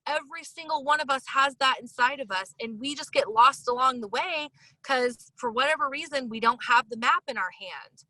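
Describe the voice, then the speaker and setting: Woman host gushing with enthusiasm, bright higher voice, pretty emotional. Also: moderate pace, dry recording, poor audio. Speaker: podcast host. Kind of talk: casual interview chat.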